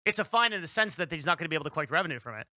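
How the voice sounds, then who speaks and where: Bright-voiced man rambling in quick commentary. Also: fairly high pitch, animated, dry recording. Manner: rambling with many restarts and fillers. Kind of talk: casual commentary.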